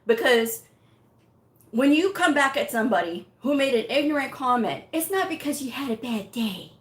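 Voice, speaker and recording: A woman's voice: high-pitched, expressive, moderate pace. A woman hosting a medical coding channel, telling a story bluntly and directly. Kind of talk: casual talking-head rant. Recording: echoey room sound.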